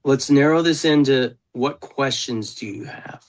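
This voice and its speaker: This consultant, a man with a medium-pitched voice, talks a little slowly while hosting a relaxed video call. His stories come out blunt, and he doesn't hold back on swearing.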